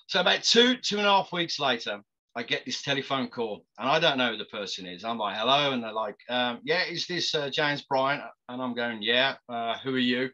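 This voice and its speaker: Lively man telling stories. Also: mid-range voice, moderate pace, dull audio. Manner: animated, laughs often, stumbling restarts. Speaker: actor guest. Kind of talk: casual storytelling.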